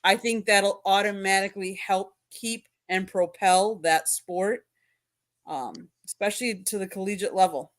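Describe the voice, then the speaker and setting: A woman's voice: mid-range voice, a little slow. A woman on a sports talk panel, casually explaining her point step by step with examples.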